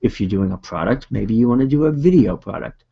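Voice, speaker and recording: A man's voice: fairly low pitch, expressive, a little fast, vocal fry, slightly rough, muffled recording. A man with a Boston accent presenting a video marketing webinar in a casual, upbeat coaching manner.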